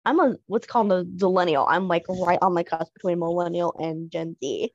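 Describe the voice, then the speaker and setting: A woman's voice: on the low side, fairly even intonation, brisk, no room sound. Gushing young woman, dull lo-fi sound. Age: 20s. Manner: gushing, self-deprecating, giggly. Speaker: podcast co-host. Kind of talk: casual chat.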